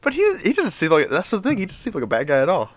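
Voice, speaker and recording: A man's voice: high-pitched, huge pitch swings, quick pace, dry recording. A young man co-hosting a podcast, laid-back and jokey in casual chat. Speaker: podcast co-host.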